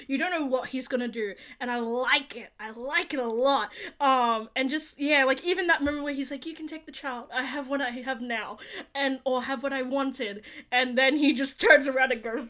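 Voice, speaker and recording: A young woman hosting a casual review, rambling with lots of fillers and breaking into excited squeals. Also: high voice, moderate pace. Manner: gushing, rambling, full of fillers; bursts into squeals and laughs. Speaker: YouTube reaction host.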